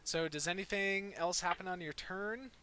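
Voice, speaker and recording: A man's voice: high-pitched, moderate pace, pushed and bright. A young man running a tabletop game as dungeon master, narrating in a laid-back way with many fillers.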